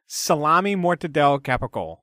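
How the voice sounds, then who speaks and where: A man's voice: fairly high pitch, sing-song, a little fast, a bit bright, no room sound. A man co-hosting a casual podcast, chatting loosely with plenty of fillers and frequent laughs. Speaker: podcast co-host. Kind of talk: casual chat.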